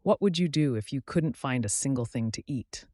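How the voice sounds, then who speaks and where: A man's voice: medium pitch, lively intonation, normal speed, a little mellow, dry recording, studio quality, close to an everyday voice. A man voicing an anxious, distrustful female duck far from home, fretful and tearful.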